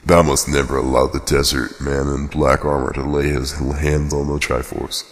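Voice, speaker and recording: Man voicing dying ancient tree spirit, solemn, archaic speech, very deep voice, cavernous reverb. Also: level tone. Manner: slow, archaic, solemn reading.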